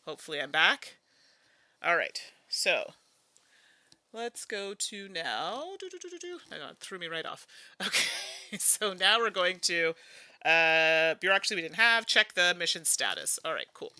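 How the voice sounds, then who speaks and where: Bright, lively woman thinking aloud. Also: lowish voice, unhurried, no room sound. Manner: chatty, muses aloud, hums and laughs between moves. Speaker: host playing a solo board game. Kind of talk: casual think-aloud playthrough.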